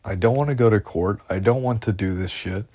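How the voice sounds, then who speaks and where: A man with a very low voice talks through an anxious, rambling monologue. He swears often and loops back over the same worries. The sound is dry and close, like a phone voice memo. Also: fairly quick, warm tone, slightly rough, no room sound. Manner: anxious, agitated, profane, repeats himself.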